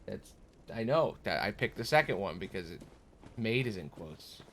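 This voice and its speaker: A young man giving casual live commentary on a game he is streaming, talking back at it in an exasperated way with sudden high-pitched outbursts. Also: very animated, normal speed, slight background noise. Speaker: gaming streamer.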